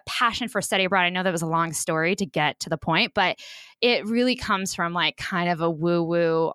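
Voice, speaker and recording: Casting: talkative woman in her forties, from Kansas, lowish bright voice, dry close sound. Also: dry recording. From Kansas, USA. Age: 40s. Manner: chatty, animated, frequent fillers like "you know". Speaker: guest. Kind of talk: storytelling in a casual interview.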